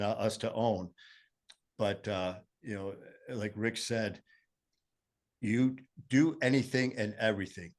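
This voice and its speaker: A man with a Michigan accent telling his recovery story in casual conversation, earnest and meandering with many fillers. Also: fairly low pitch.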